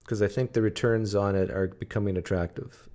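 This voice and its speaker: Male livestream host, somewhat low voice, casual and chatty, reads out comments. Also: steady tone, a little fast, mellow. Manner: chatty, reading and answering comments aloud. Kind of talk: casual live chat with viewers. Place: home.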